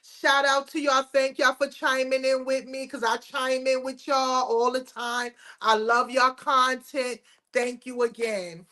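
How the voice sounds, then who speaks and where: A woman co-hosting a casual talk show, animated and gushing, peppering her speech with "you know". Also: high voice, a little slow. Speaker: co-host. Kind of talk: casual chat.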